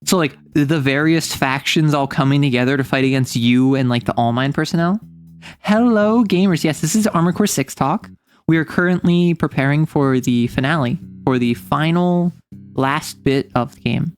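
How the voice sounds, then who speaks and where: A woman's voice: sits low, normal speed, faint music behind. Playful young woman streamer, mock-outraged. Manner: playful, mock-indignant joking with chat. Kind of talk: casual game stream chat.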